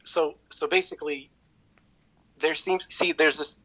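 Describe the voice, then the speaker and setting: Podcast co-host, man, slightly high and bright voice, stammering, rambling, jokey, call-quality audio. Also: steady tone, measured pace, rough recording. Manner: rambling, stammering restarts, joking. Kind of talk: casual chat. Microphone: online call with cheap mic.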